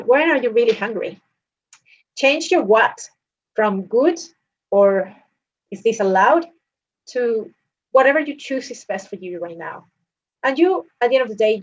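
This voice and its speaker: A woman's voice: medium pitch, muffled recording. A woman dietitian giving a presentation, explaining in an earnest, coaching way. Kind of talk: recorded presentation.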